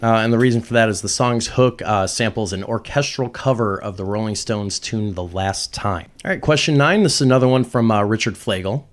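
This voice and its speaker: A man acting as quiz host, reading out listener questions and confirming answers in a brisk, upbeat way. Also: fairly low pitch.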